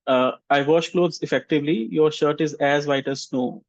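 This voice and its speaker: Slow, deliberate English teacher, man. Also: on the high side, no echo, highs cut off. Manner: slow, deliberate modeling of intonation. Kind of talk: online vocabulary class.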